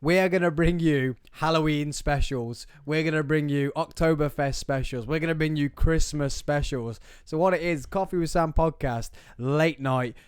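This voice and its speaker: A man's voice: on the high side, moderate pace, few pauses, smooth, no echo, clean studio sound. A man hosting a casual, jokey podcast chat and laughing often. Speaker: podcast host.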